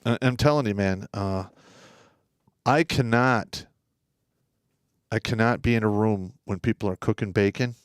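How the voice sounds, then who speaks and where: A man's voice: on the low side, a little slow, long pauses, clean tone, no echo. Male co-host, casual opinionated chat, swears, stammers into restarts, dry close mic. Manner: blunt, profane, stammering restarts. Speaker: livestream co-host.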